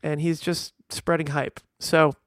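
A man's voice: fairly high pitch, level tone, unhurried, a bit bright, no room sound. Earnest, emphatic male vet, dry sound. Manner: earnest, emphatic, with restarts and fillers. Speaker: veterinarian and podcast host. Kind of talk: casual monologue.

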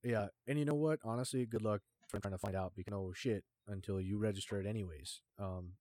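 A man's voice: on the low side, a little fast, warm tone, no room sound. A man hosting a casual podcast who talks bluntly, swears freely and leans on fillers. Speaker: podcast host.

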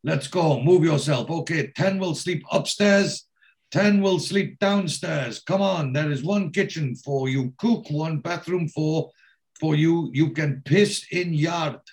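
A man voicing a gruff Eastern European male gangmaster who barks orders in broken English. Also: fairly high pitch, measured pace, hardly any pauses, pushed and bright, voice pushed up. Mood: bossy. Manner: bossy clipped commands in broken English.

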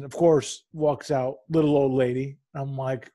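A man's voice: medium pitch, fairly even intonation, a little slow, hardly any pauses, warm tone. A man co-hosting a podcast in casual chat, sarcastic and given to profane rants. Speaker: podcast co-host.

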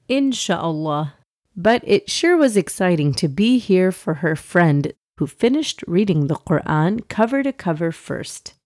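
A woman's voice: fairly low pitch, no room sound. Woman host reading a kids story, cheery, talks to the kids, dry close mic. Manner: warm, upbeat, addresses kids directly. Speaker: podcast host and narrator. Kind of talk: children's story narration.

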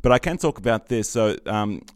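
A low-voiced man hosts a podcast, spinning a long story in an easy, casual way. He stumbles through ums and restarts and keeps breaking into small chuckles. The mic is close and dry, with no room sound. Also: expressive, brisk, dry recording. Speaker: podcast host.

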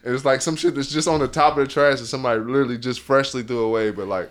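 A man's voice: mid-range voice, steady tone, very fast. A laid-back man in casual podcast chat, chiming in with short agreements and jokes. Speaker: podcast co-host.

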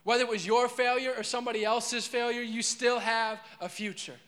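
A man's voice: very high voice, fairly quick, few pauses, sharp tone, long reverb tail. A man preaching a sermon as pastor, earnest and repetitive, asking the crowd questions.

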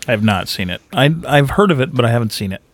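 A man's voice: medium pitch, expressive, fast talker. A man in a casual chat, trading wry jokes. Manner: wry, joking banter.

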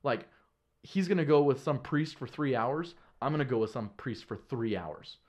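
Earnest, animated man telling stories. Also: mid-range voice, moderate pace. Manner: earnest and animated, casual slang, frequent restarts. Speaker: podcast guest. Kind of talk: casual conversational storytelling.

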